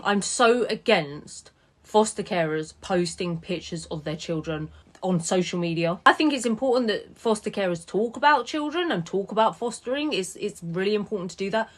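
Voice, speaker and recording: A woman in her late twenties telling a personal story to a phone camera, animated and indignant, with quick asides. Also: mid-range voice. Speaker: TikTok storyteller.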